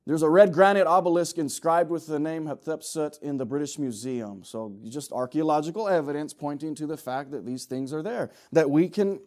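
Impassioned higher-voiced male preacher. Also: normal speed, hardly any pauses. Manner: impassioned, swings from loud urging to low asides; folksy, joking with the congregation. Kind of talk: sermon.

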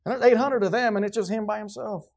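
A man's voice: high-pitched, steady tone, quick pace, creaky. A man preaching a sermon in a church, fervent and sarcastic and quizzing his congregation. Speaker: pastor.

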